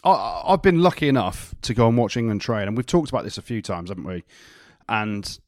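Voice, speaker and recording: A man's voice: lowish voice, lively intonation, brisk, a little mellow, no echo, clean studio sound. A man co-hosting a podcast in casual chat, telling cheeky anecdotes with animation. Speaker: podcast co-host.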